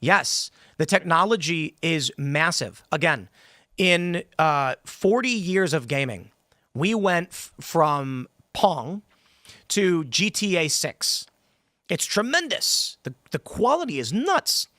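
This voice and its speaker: A man's voice: on the high side, sing-song, slow pace, no room sound. Argumentative male podcast host, dry studio. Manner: forceful, argumentative, acts out voices in anecdotes. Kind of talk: heated debate on a talk show.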